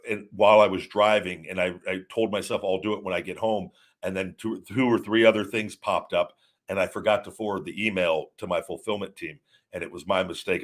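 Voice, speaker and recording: A man in his forties hosts a live stream in a loose, rambling way, circling back and correcting himself as he talks. His voice sits a little low, and he chats with the audience casually. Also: fairly bright tone. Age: 40s. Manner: rambling, self-correcting storytelling. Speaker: show host.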